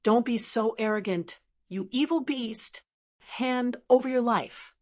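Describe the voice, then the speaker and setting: A woman voicing a bold young male martial disciple who shouts his battle cries in an audiobook. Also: a little high, lively intonation, measured pace. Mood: aggressive.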